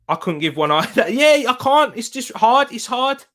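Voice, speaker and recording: High, bright, exasperated man. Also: big pitch swings, measured pace. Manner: exasperated, rambling, repeating himself. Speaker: watch-along host. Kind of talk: live football watch-along commentary.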